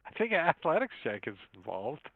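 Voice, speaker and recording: A man's voice: on the high side, huge pitch swings, brisk, gravelly, no echo. A man running an online tabletop game as game master, narrating in a loose, rambling way with fillers. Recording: tinny dry phone-like line.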